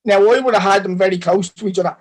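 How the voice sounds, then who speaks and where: A man's voice: high-pitched, very fast, husky, poor audio. An Irish man in a casual football chat, conversational and tagging his lines with "like". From Ireland.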